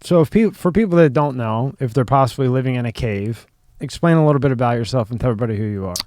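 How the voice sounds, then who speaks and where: A man hosting a casual interview, asking relaxed, conversational questions. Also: mid-range voice, fast talker, no echo, clean studio sound. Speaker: interview host.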